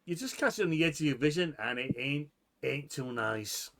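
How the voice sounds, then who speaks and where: A man narrating as game master of a tabletop role-playing game, animated and quick to shift into character calls. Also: fairly high pitch, a little hiss or hum.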